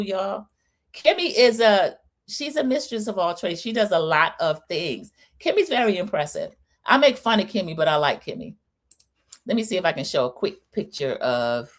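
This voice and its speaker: Chatty woman recapping a show. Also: fairly low pitch. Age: middle-aged. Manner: chatty, scolding, addresses viewers as y'all. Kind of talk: live opinion recap, casual chat.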